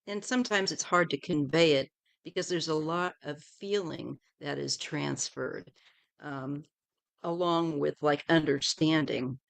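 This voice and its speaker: A middle-aged woman hosting a tarot livestream, chatting casually in a rambling way and often trailing off softly. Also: sits low.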